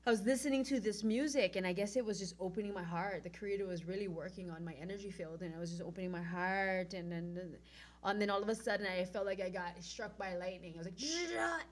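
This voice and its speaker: A woman from Oahu with a Hawaiian accent, a guest telling a personal story in an animated way and acting out what she said back then, from loud to hushed. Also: medium pitch, fast. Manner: acts out her own past lines, swinging from loud to hushed.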